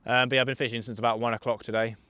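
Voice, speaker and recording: A man's voice: mid-range voice, flat delivery, rapid-fire, pushed and bright, clean tone, dry recording. A young man, chatting casually on a livestream while fishing from a riverbank, joking and answering viewers' questions. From England. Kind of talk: casual live fishing commentary. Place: outdoors on a riverbank.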